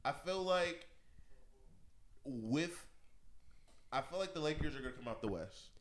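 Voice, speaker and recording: A man's voice: fairly high pitch, expressive, measured pace, fairly bright tone. A young man co-hosting a casual podcast, trading loose, laughing sports banter. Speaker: podcast co-host. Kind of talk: casual chat.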